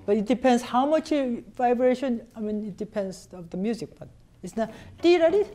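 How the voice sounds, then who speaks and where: A woman teaching a cello master class, coaching a student directly in halting phrasing and singing passages on syllables to show them. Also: on the high side, warm tone. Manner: sings phrases on syllables to demonstrate.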